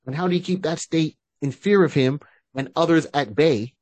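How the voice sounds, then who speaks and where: A man's voice: a little high, moderate pace, a little mellow, no room sound. Rambling man on a fan podcast. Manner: rambling, restarts often. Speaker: podcast co-host. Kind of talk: casual fan-casting chat.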